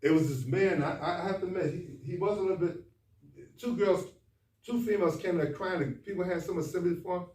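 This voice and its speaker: A man, a doctor, giving a folksy, animated talk at a men's conference, speaking straight to the audience. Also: sits high, fast. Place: conference room. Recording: echoey hall, far from the mic, faint noise.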